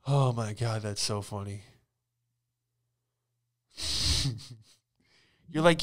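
A man's voice: on the low side, expressive, very slow, pauses often, fairly bright tone. A man hosting a comedy podcast, riffing and joking loosely about news, profane and laughing often. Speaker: podcast host. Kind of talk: casual comedic chat.

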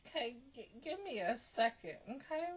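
A woman hosting an anime reaction video, talking expressively and swinging between laughing, near-crying and shouting. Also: a little high, sing-song, normal speed, husky. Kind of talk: emotional anime reaction commentary.

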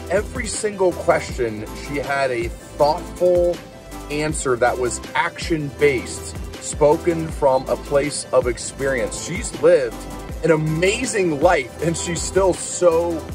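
A man hosting a live podcast and recapping it afterwards, enthusiastic and full of praise. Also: mid-range voice. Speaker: podcast host.

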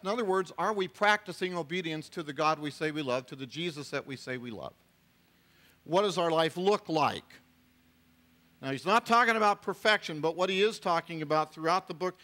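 A middle-aged male pastor delivers a sermon with a bright, forceful voice pitched a little above the usual for a man. He talks conversationally, restarting phrases and tossing in asides.

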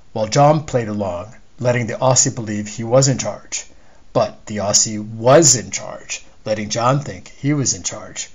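A man, the author, reading a chapter of his novel aloud in measured storytelling narration. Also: lowish voice, lo-fi sound. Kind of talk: scripted narration.

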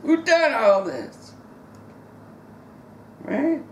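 A man preaching a sermon dramatically, swinging between loud outbursts and quiet asides and acting out biblical characters. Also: very high voice, big pitch swings, very slow, a little hiss or hum. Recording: roomy echo, distant mic.

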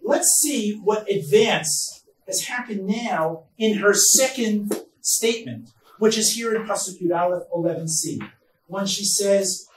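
Man lecturing from across an echoey room. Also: sits high. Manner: reads verses slowly, explains them with emphatic, rising stresses. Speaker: rabbi and professor teaching a text class. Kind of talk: Bible study lecture. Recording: echoey room, mic far off, faint noise.

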